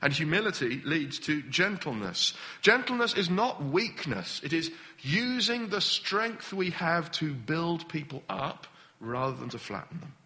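A middle-aged man preaching a sermon, lively and acting out impatient voices. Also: medium pitch. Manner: animated, acts out impatient voices.

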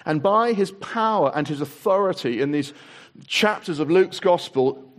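A man's voice: a little high, animated, a little slow. A man preaching a sermon, asking repeated rhetorical questions and reading passages aloud. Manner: reads long passages aloud.

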